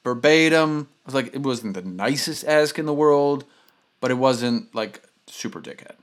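A man telling a casual story on a podcast, rambling with lots of fillers and animated retellings. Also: medium pitch, moderate pace. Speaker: podcast host.

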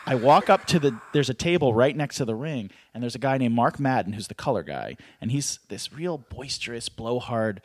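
A middle-aged man telling stories in casual conversation as a guest, animated and self-deprecating, acting out the voices of people in his stories. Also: mid-range voice, moderate pace, few pauses, dry recording. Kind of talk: casual storytelling.

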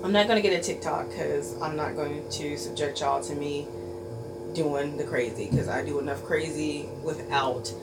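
A playful, self-deprecating woman guest chats animatedly on a podcast in a lowish voice. She sits away from the mic, and a clear hiss runs under her. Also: moderate pace, recorded from a distance. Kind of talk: casual podcast chat.

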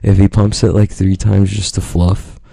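A man's voice: sits low, level tone, moderate pace, creaky, warm tone, dry recording, clean studio sound. A man telling a story in casual podcast chat, rambling, profane and joking.

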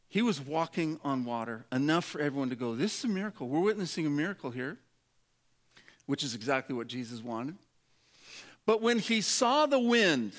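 A man's voice: sits high, a bit bright. A man preaching a sermon to a congregation in a conversational, joking way, acting out the voices of the people in his story. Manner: humorous, conversational, acts out quoted voices. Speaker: pastor.

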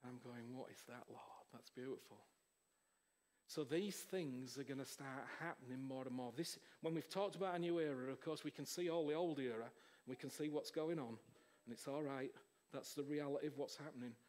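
A man, preaching an informal charismatic sermon in an excitable, rambling way. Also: medium pitch, fairly quick.

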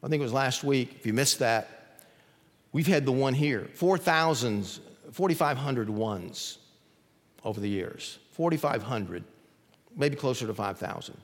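In an unhurried, medium-pitched voice, a man preaches to his congregation, and the church hall adds a long reverb. His storytelling is lively, and he performs the quoted voices of his characters.

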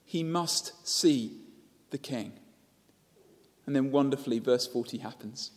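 Preacher in an echoey hall. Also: male voice, medium pitch, a little slow. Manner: storytelling, with rhetorical questions. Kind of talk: sermon.

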